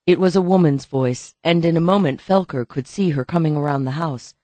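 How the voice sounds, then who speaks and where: A man's voice: on the high side, fairly quick, a little mellow, no room sound. Man reading a novel aloud. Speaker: audiobook narrator. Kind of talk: scripted narration.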